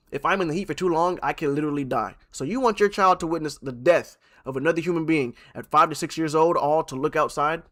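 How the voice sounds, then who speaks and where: A young man comments on posts during a live stream. His delivery is animated, lurching from loud outbursts to quiet mutters with frequent restarts. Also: fairly high pitch. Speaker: streamer reacting to Reddit posts.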